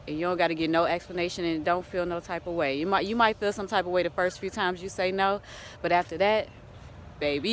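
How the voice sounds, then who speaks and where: A woman's voice: fairly low pitch, fairly bright tone. Chatty woman vlogger with light background noise. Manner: chatty, laughs often, keeps addressing viewers as y'all. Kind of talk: casual motivational vlog.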